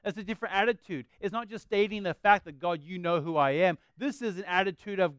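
An Australian man preaching a sermon, earnest, slowing down to draw out scripture and prayers. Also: high-pitched, fairly bright tone, clean tone, no echo, clean studio sound. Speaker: pastor.

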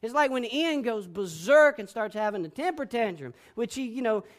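A man preaching a sermon as pastor, boisterous and emphatic, swinging between loud declarations and hushed, soft passages. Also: extremely high pitch, animated, moderate pace.

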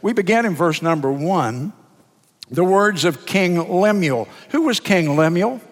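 An older man preaches from the pulpit in an earnest, deliberate way, stretching key words for weight. His voice sits a little high, and a long reverb trails each phrase through the church sanctuary. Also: animated. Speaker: pastor. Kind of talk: sermon.

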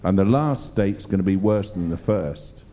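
A man's voice: deep voice, expressive, normal speed, warm tone, a little hiss or hum. A man preaching a sermon, emphatic and rambling as he tells stories. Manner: emphatic, rambling storytelling with fillers.

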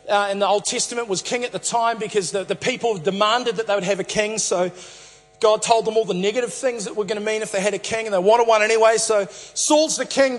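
A man preaching, retelling a story in a playful, animated way with many restarts. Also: sits high. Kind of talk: humorous sermon storytelling. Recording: reverberant hall, faint music.

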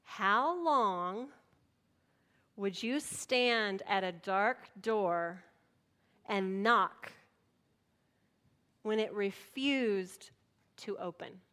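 A middle-aged woman pastor preaching a sermon, telling a story in an animated way and acting out voices. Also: mid-range voice, very slow, pauses often.

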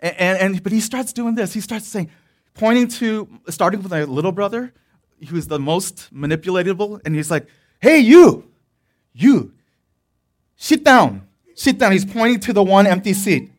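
A male pastor delivers a sermon through a loose personal story, his voice sitting somewhat high. He rambles, restarts his sentences and breaks into laughter as he goes. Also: brisk.

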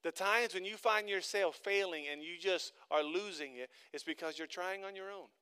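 With a high, sharp yet smooth voice at a moderate pace, a pastor gives a church sermon. He weaves conversational tales of everyday life that escalate into repeated, emphatic calls to his listeners.

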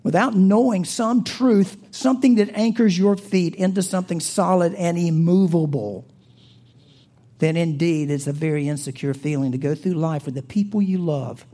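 Earnest male preacher, soft and husky. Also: sits high, normal speed. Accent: American. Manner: earnest, rhetorical questions, swells loud then drops soft. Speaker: pastor. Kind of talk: sermon.

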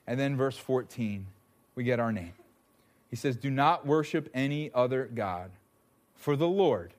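A man preaching a sermon, conversational and animated, acting out the voices he quotes. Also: medium pitch, normal speed, long pauses. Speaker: pastor.

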